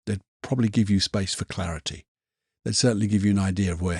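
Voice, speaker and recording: A man's voice: fairly low pitch, brisk, a little mellow, dry recording, studio quality. A man hosting a podcast as a hypnotherapist, talking in a passionate, casual motivational monologue, swearing now and then and repeating himself.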